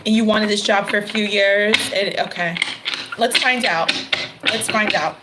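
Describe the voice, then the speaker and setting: A woman's voice: mid-range voice, a little slow, very noisy. Chatty woman reading tarot live. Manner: chatty, laughs often, addresses viewers by name. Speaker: tarot reader hosting a live stream.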